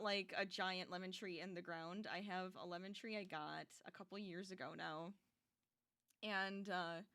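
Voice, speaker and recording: A woman's voice: medium pitch, pushed and bright. A young adult woman streaming as she crochets, chatting casually and animatedly with her viewers and laughing often.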